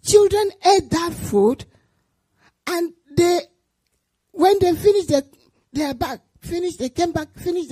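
Animated woman giving an emotional testimony. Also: high voice, no echo. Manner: animated, repetitive storytelling with acted-out quotes. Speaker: Sunday school teacher.

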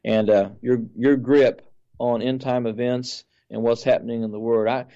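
A man's voice: mid-range voice, steady tone, moderate pace, dark tone, highs cut off. A man who is a pastor and a guest on the show, speaking earnestly and often repeating words as he talks. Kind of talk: sermon-like testimony.

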